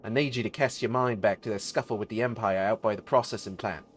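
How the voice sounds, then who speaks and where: A man voicing a gruff veteran male mercenary officer, talking bluntly with rough slang. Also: fairly low pitch, quick pace, slight background noise, lightly acted.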